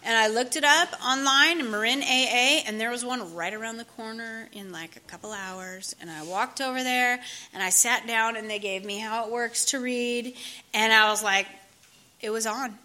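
This woman from California recounts her recovery journey to a group in a chatty manner with lots of fillers and restarts. Her voice sits on the high side, pushed and bright, at a normal speed.

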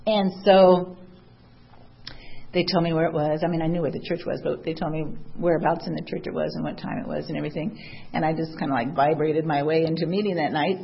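A woman's voice: low-pitched, fairly even intonation, quick pace, gravelly, lo-fi sound, a little hiss or hum. A woman from Southern California telling her recovery story in a candid, chatty way, full of fillers and wry humor. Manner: candid and chatty, many "you know" fillers, wry laughs. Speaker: speaker sharing at a recovery meeting. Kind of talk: personal recovery story, casual.

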